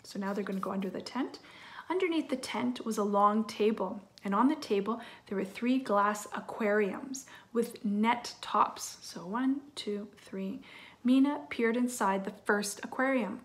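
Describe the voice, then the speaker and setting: A woman reads a picture book aloud to children, stopping often to explain things. Her asides drop into a soft, gentle hush, and her pitch sits in a middle range. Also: unhurried. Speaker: teacher reading aloud.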